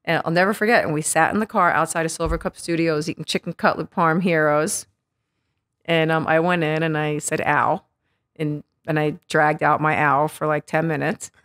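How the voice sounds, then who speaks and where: Animated, cursing New woman telling stories. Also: low-pitched, fairly quick. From Queens, New York. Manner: animated, profane, acts out quotes. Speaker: podcast guest. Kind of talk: casual storytelling interview.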